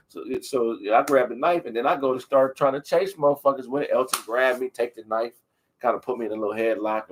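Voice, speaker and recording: A man from Southern California, a guest comedian, tells a childhood story in an animated, profane, casual way. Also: mid-range voice, fairly quick, slight background noise. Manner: animated, profane storytelling with frequent "you know what I'm saying".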